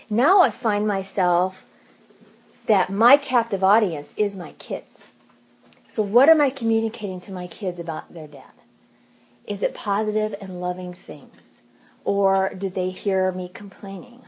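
A woman in her thirties giving earnest, faith-based advice in casual talk, acting out little quoted asides in a hushed voice. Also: on the low side, muffled recording, a little hiss or hum.

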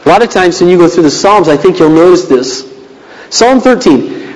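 A pastor delivering a conversational, emphatic sermon, climbing high when he reads the Psalms aloud. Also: animated, brisk, in a large hall, rough recording.

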